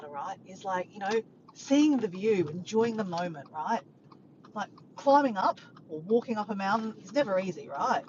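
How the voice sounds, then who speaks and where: A woman's voice: medium pitch, animated, moderate pace. A woman, chatting casually to camera in a rambling, upbeat vlog. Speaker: vlogger. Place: in a car while driving. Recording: muffled with clear road noise.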